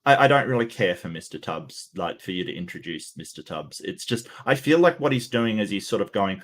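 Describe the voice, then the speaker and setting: Sarcastic, halting livestream host, low voice. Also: male voice, lively intonation, a bit bright. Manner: sarcastic, halting with many restarts. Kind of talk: casual livestream commentary.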